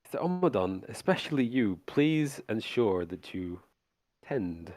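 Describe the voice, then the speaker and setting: A man voicing a smug aristocratic male vampire lord who talks down to people in a slow, courtly way. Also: fairly low pitch, sing-song, darkish tone, no room sound, clean studio sound. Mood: patronizing.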